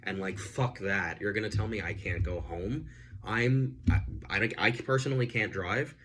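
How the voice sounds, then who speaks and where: Deep-voiced guy chatting through a movie review, animated, lots of fillers. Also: moderate pace, slight background noise. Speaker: film reviewer. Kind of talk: casual film review chat.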